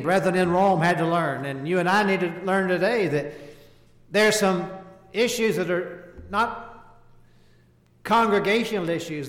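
Man preaching in an echoey hall. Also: sits high. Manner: slow emphatic scripture reading, rhetorical questions. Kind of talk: sermon.

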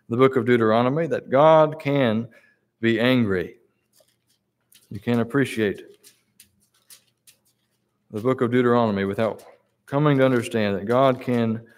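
A man delivers a sermon in an ordinary, mid-range voice. He reads scripture aloud, pauses on verse numbers and repeats key words to drive them home. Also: mid-range voice. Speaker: preacher.

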